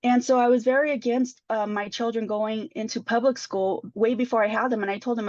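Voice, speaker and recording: A woman's voice: on the high side, fairly even intonation, a little mellow, dry recording. Woman telling her story on a podcast panel, emotional, keeps restarting, dull dry lo-fi sound. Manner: emotional, fast restarts and repeated words. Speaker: panel guest. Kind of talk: personal testimony in a podcast panel.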